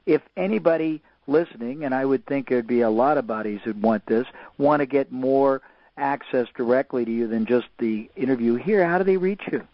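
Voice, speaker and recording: A man's voice: medium pitch, moderate pace, dry recording. A male podcast host asking upbeat questions over dull, lo-fi audio. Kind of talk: interview hosting.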